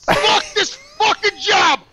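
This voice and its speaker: Shouting, swearing man ranting outdoors. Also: very high-pitched, expressive, takes it slowly, a crowd in the background, rough recording. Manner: shouting, swearing constantly, exasperated. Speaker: oil delivery driver. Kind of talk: profane ranting story. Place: outdoors in snow.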